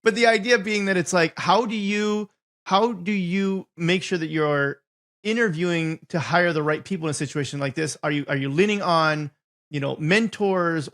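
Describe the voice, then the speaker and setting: Male podcast host, fast talker, slightly high gravelly voice, loose conversational questions. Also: a bit bright. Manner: quick, gravelly, restarts his questions.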